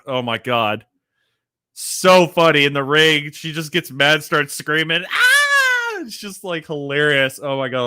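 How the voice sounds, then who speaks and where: A man chatting casually on a livestream, rambling and animated, with loose swearing and laughter at himself. His voice is bright and forceful, and it sounds close and dry, with no room behind it. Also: mid-range voice, clear, resonant tone, no room sound. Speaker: livestream host.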